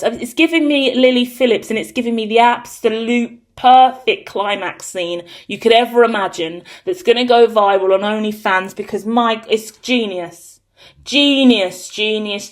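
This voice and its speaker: A woman giving a collective tarot reading, talking in an excitable, rambling, cheeky way. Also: on the high side. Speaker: tarot reader.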